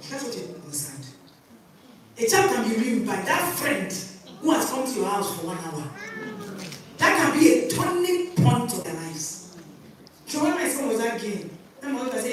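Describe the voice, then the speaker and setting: Woman speaker, high animated voice, emphatic storyteller, distant mic in an echoey hall. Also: normal speed, long pauses. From Nigeria. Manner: animated, emphatic, laughing between points. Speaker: parenting speaker. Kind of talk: lively talk to an audience, telling stories. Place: conference hall.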